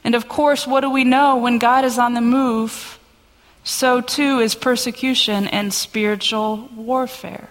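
A woman pastor giving a sermon and reading scripture aloud in an earnest, steady voice, in a church sanctuary. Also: on the high side, measured pace. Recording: long church reverb.

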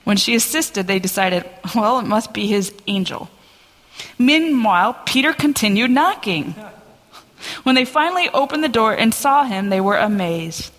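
A woman pastor giving a sermon and reading scripture aloud in an earnest, steady voice, in a church sanctuary. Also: a little high. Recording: long church reverb.

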